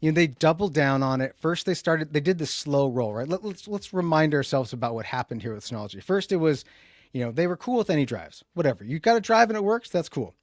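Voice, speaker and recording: A man hosting a casual tech livestream. He rambles and restarts a lot, jumping between loud emphatic bursts and low muttered asides. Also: lively intonation, fast talker, no room sound, clean studio sound. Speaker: livestream host.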